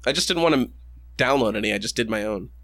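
A man's voice: medium pitch, fast talker, gravelly. A man from New Hampshire hosting a podcast, bantering casually with jokes and frequent swearing. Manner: joking and animated, swears freely. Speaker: podcast host.

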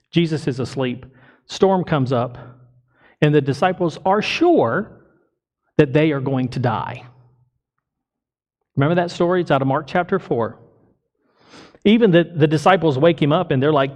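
A man's voice: fairly high pitch, lively intonation, normal speed, pauses often. A male pastor delivering a sermon to his congregation, emphatic and full of rhetorical questions. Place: church congregation.

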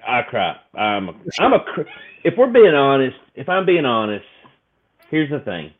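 A man's voice: mid-range voice, huge pitch swings, moderate pace. A man talks casually on a podcast, emotional and rambling, full of restarts and fillers. His voice comes through thin and tinny, like a phone line. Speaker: podcast co-host. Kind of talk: casual chat.

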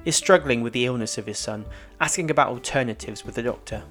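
A man's voice: medium pitch, fast talker, fairly bright tone. Man recapping an episode over music. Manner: plain, matter-of-fact narration. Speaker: podcast host.

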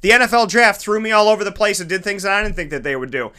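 Bright high-voiced excitable man. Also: very fast, smooth. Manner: animated, emphatic, dramatic voice swings. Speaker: broadcaster and entertainment show host. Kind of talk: excited casual monologue.

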